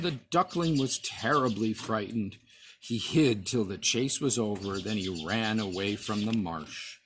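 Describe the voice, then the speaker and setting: A man, a father, reading a storybook aloud to his child, expressive, with small slips and restarts. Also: fairly high pitch, a little hiss or hum.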